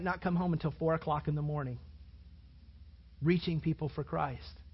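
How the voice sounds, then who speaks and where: A man preaching a sermon as a pastor, telling stories in an animated way, repeating phrases and acting out what people said. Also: a little high, husky, muffled recording. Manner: animated storytelling, repeats phrases and acts out quotes.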